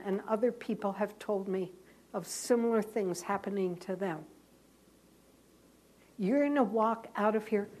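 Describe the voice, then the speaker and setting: Lively nun telling a story. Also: female voice, on the high side. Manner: lively, self-mocking storytelling. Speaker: Catholic nun giving a talk to sisters. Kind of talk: storytelling sermon.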